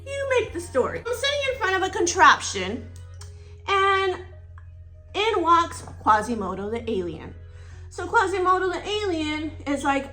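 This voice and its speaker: A woman's voice: high voice, very animated, measured pace, sharp tone, faint music behind. A woman casually retelling a storytime while getting ready, playful and coy, spelling out words and giving everyone silly code names. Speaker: storyteller vlogger.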